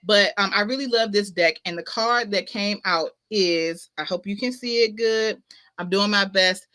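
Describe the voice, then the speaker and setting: Emphatic woman host, bright crisp tone, slangy motivational livestream talk, repeats herself for emphasis. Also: medium pitch, normal speed. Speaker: host of a spiritual talk show. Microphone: ring light setup, webcam-style stream.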